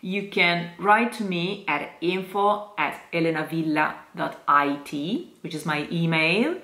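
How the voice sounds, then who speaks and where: This is an Italian-accented woman teaching diction, her voice sitting a little low. She speaks very slowly and deliberately, sounding out each word and repeating it. The room around her is roomy and echoing. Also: sharp tone. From Italy. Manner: models words slowly and repeats them. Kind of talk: slow, careful diction lesson.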